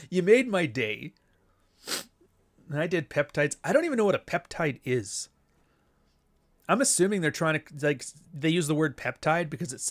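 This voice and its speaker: A middle-aged man with a Canadian accent and a nasal voice, talking bluntly and crudely in a casual podcast monologue. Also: a bit bright. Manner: blunt, crude and sardonic, with sudden high-pitched outbursts. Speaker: podcast host.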